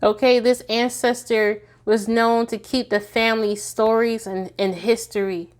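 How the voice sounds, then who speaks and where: A woman with a slightly high voice gives a relaxed, chatty tarot reading straight to her viewers. She is playful and goofy, laughing easily and addressing them as y'all. She sounds a bit tired. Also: measured pace. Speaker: tarot reader.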